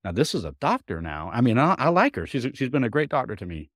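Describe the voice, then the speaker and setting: A man's voice: medium pitch, very animated, fast, no echo, studio quality. A man in his fifties, a guest telling his story in a casual interview, folksy, acting out quoted dialogue as he goes. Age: 50s. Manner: folksy, repeats words while thinking.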